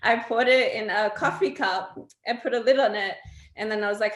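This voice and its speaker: A woman's voice: fairly high pitch, normal speed, reverberant. A young adult woman, a guest on an interview show, telling stories casually with many fillers and frequent laughs. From Australia. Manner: animated, laughing often, lots of fillers. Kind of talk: casual storytelling conversation.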